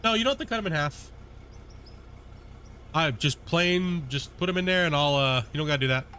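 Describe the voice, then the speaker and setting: A man streaming a game, chatting casually with his viewers in a relaxed, rambling way full of fillers. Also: a little high, brisk, a little hiss or hum. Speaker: gaming streamer. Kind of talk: casual chat with live viewers while playing.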